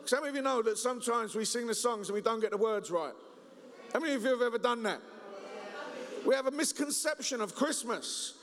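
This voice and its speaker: A man preaching a humorous Christmas sermon, joking and telling stories in an animated way. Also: very high-pitched, a little fast. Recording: reverberant hall.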